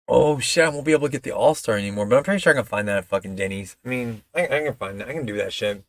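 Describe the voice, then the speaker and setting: A man's voice: medium pitch, racing, dry recording. A man chatting casually on a live stream, rambling and swearing freely, with a toddler at home. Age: adult father of a toddler. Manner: rambling, profane, loose.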